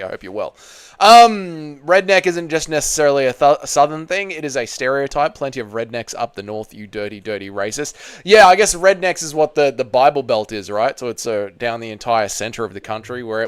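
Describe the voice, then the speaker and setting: A man's voice: mid-range voice, expressive, fairly quick, clear, resonant tone, no echo. An Australian man hosting a live stream, reading viewer chat aloud and answering in crude, joking banter. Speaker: channel host.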